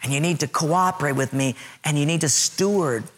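A man voicing God as a patient father who calmly scolds a grumbler. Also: on the high side, fairly quick, long reverb tail, close to an everyday voice. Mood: gently chiding. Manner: calm, gently chiding.

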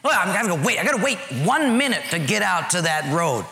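Guy putting on a squeaky whiny complainer, bright and fussy, sky-high voice. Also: very animated, quick pace, gravelly, full character voice. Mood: exasperated. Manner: whiny, exasperated grumbling. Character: fussy male churchgoer complaining about crowds.

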